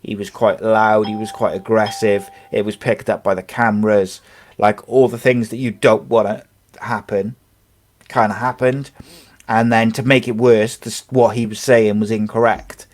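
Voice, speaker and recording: A man's voice: on the low side, flat delivery, moderate pace. A man hosting a casual sports podcast, talking in a rambling way with many fillers and restarts. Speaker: podcast host.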